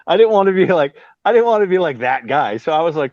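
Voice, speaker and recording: Animated storytelling man, fairly high voice. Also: quick pace, few pauses, dry recording. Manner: animated, swears freely, acts out others' voices. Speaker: musician guest. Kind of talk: casual storytelling in an interview. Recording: slightly dull, dry sound.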